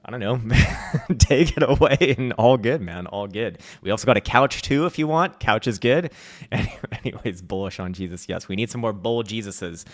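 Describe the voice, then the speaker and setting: A man's voice: on the low side, lively intonation, moderate pace. A man hosting a casual livestream market update at home, reading chat with profane jokes and frequent laughs. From United States. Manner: profane, joking, laughs often. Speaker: host.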